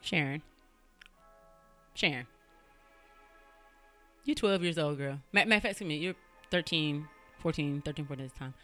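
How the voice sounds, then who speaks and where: Blunt, bright-voiced woman podcast host. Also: low voice, moderate pace, long pauses, soft background music. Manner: blunt, animated, swears freely. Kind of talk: casual true-crime storytelling.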